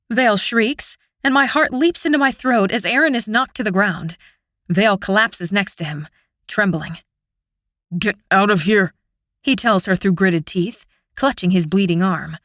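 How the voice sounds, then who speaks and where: A woman narrating a fantasy audiobook in the first person, with an expressive, dramatic reading. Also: mid-range voice, no room sound, clean studio sound.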